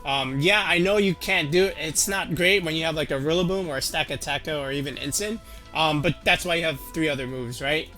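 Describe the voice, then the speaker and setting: A man's voice: on the high side, fairly quick, sharp tone, faint music behind. A man casually walking through a game teambuilding tutorial, rambling with lots of fillers and restarts. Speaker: competitive game YouTuber.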